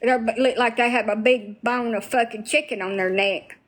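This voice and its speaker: A woman's voice: on the high side, fairly even intonation, normal speed. A woman talking bluntly to viewers on a casual livestream, swearing freely.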